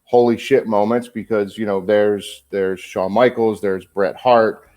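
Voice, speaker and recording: A man around fifty, a former pro wrestler and podcast guest, telling stories in a casual, animated way and swearing freely. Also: lowish voice, unhurried. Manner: animated storyteller, swears freely, acts out dialogue. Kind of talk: casual storytelling interview.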